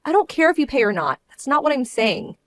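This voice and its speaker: An actress playing a young bride-to-be who answers her fiancé in a firm, measured, indignant way. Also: sits high, very animated, dry recording, clean studio sound. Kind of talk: dramatized story voice acting.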